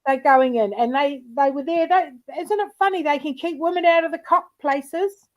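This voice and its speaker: A woman with a high-pitched voice hosts a livestream at a normal pace, chatting casually. She tells rambling, profane anecdotes and laughs often. The recording quality is low.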